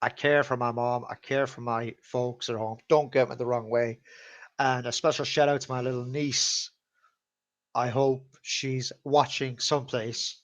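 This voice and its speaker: Speaking a little slowly with a flat delivery, this man has a mid-range, slightly bright voice. He hosts a live stream in front of a camera, spinning casual stories, cursing freely and cracking himself up. The recording has a slightly dull, lo-fi quality.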